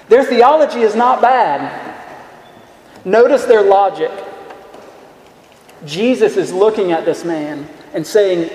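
A man preaches a sermon earnestly, posing rhetorical questions and repeating his words. His voice is high-pitched and a little slow, with long pauses. The recording has an echoey hall sound and faint room noise.

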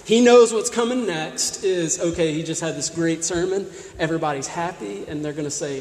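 A man's voice: a little high, moderate pace, hardly any pauses, a little mellow. A male pastor preaching a sermon, pressing his listeners with repeated rhetorical questions. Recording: echoey hall with long reverb.

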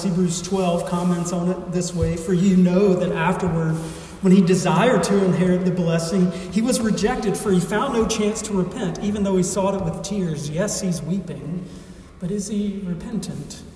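A man reading scripture aloud and then preaching an earnest sermon as pastor, with emphatic delivery and dramatic pauses. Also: high voice, steady tone, mellow, a little hiss or hum. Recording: echoey hall, voice from far off.

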